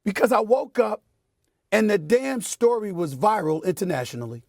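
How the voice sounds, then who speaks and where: A middle-aged man hosting a sports debate show, making his point with forceful, preachy repetition in a TV studio. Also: high-pitched, big pitch swings, normal speed, vocal fry, no echo. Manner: emphatic and preachy, repeats phrases for effect. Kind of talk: heated on-air sports commentary.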